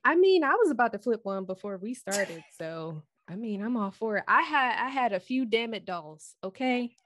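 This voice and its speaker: A woman in casual conversation, telling personal stories candidly, moving between soft, quiet remarks and loud, animated bursts. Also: fairly high pitch, moderate pace, dry recording. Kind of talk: casual chat.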